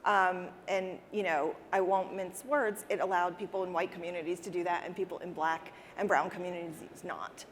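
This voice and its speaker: A woman's voice: fairly low pitch, fairly even intonation, normal speed, hardly any pauses, a little hiss or hum. A woman answering interview questions in an earnest, conversational way, often repeating words as she restarts a thought. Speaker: interview guest, interior designer. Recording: reverberant hall with faint ambience.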